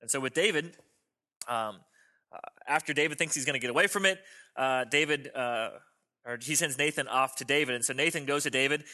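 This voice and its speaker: A man's voice: mid-range voice, fairly quick, sharp tone. A male pastor preaching a sermon to a congregation in a church, in a conversational style and joking with the listeners. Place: church sanctuary before a congregation.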